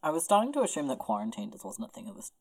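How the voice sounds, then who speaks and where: Very low husky woman co-host, dry jokey comments, lively pitch. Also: racing. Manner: wry, joking reactions. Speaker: podcast co-host. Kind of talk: casual chat.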